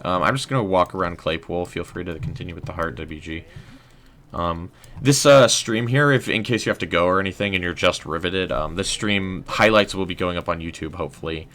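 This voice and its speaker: A young man hosting a casual game livestream, rambling in a relaxed way with lots of "um" and "like". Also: sits low, a little fast. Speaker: livestream host.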